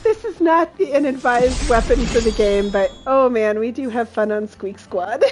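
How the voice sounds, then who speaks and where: Giggly high-voiced woman streaming a game. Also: animated, moderate pace, few pauses, darkish tone, faint music behind. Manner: giggly and playful, laughs often. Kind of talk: casual gameplay commentary.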